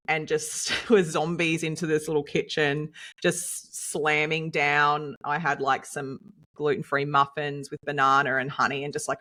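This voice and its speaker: Bright, chatty Australian woman. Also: sits low. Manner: lively, chatty, laughs often while recounting. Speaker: podcast co-host and nutritionist. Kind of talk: casual storytelling chat.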